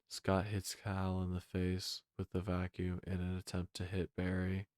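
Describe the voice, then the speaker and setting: Deep, sleepy male narrator, droning comic script read, slow and dark. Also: no room sound, studio quality. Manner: drowsy monotone.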